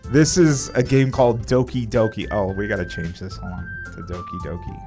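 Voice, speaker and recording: A young man casually commenting on his live game stream, swearing freely and reacting loudly. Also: fairly low pitch, fairly even intonation, moderate pace. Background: game music.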